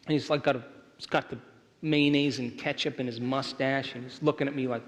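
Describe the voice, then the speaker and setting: A seminar speaker delivers a motivational lecture to a live audience, repeatedly checking whether they're following along. His mid-range voice is flat and fast, with long hall reverb around it.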